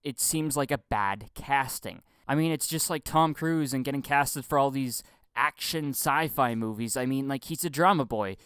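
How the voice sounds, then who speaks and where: A young man rants about film acting, stammering, repeating words and swearing freely. His voice is smooth and mid-pitched, recorded close and dry with no room sound. He keeps breaking into mocking impressions. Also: normal speed, fairly bright tone, no echo. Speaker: film commentary vlogger. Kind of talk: casual profane rant.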